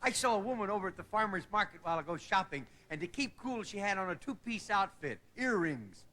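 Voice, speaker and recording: A man's voice: sits high, very animated, quick pace, noisy background. A middle-aged man hosting a TV variety show, delivering a stand-up monologue and chuckling at his own jokes before a live studio audience. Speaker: comedian host. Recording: 1960s TV broadcast, loud audience laughter. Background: audience laughing.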